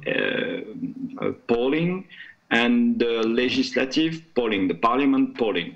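A man whose first language is French, speaking haltingly as a guest in a panel discussion. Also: medium pitch, muffled recording. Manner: halting, searching for English words.

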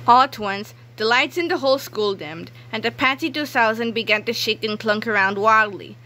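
A woman reading a children's book aloud in a lively, expressive way. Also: on the high side, moderate pace. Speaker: narrator.

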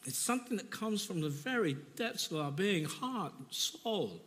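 A man delivers a sermon in a church, his voice pitched high and bright. He speaks with deep feeling, often restarting and repeating phrases as he tells his own story. The recording carries the long reverb of a church hall. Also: sing-song, a little slow. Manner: emotional, personal testimony with repetitions. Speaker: preacher.

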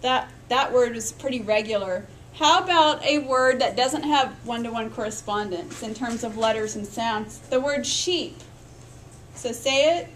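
A woman's voice: on the high side, unhurried, slight background noise, low-quality recording. A woman teaching a recorded lecture on literacy, explaining step by step, sounding out speech sounds aloud and checking in with her listeners. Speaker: literacy education instructor.

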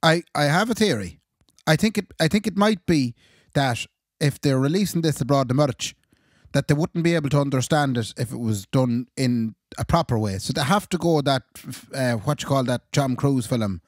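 A man's voice: mid-range voice, animated, normal speed, no echo, clean studio sound. An Irish man co-hosting a podcast, chatting casually with jokey asides. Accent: Irish, west of Ireland. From Ireland. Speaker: podcast co-host. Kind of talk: casual chat.

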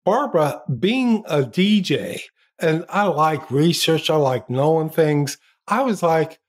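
Older male guest, animated raconteur, unhurried delivery, laughs often. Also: on the high side. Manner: lively anecdotes, acts out quotes, laughs often. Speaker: guest, former TV journalist. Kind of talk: storytelling in a podcast interview.

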